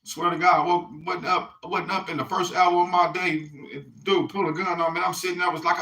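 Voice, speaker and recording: A man vlogs to his viewers in a rambling, casual monologue, swearing freely and looping back with "you hear me". His voice sits a little high and rings bright and sharp. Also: flat delivery, fairly quick, hardly any pauses, low-quality recording. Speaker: vlogger.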